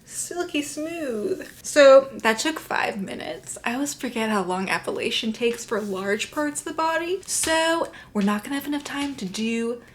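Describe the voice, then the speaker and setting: High-pitched woman chatting to her camera at home, playful, whispers bits here and there. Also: normal speed, hardly any pauses, slight background noise. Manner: chatty and playful, drops into whispers now and then. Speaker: beauty vlogger. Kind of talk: casual chat to camera. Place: at home, at night.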